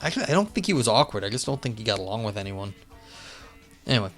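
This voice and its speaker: A man's voice: on the low side, sing-song, quick pace, pauses often, fairly bright tone. A man streaming live, chatting casually and rambling with lots of fillers and restarts. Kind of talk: casual live-stream chat and reading aloud. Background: faint music.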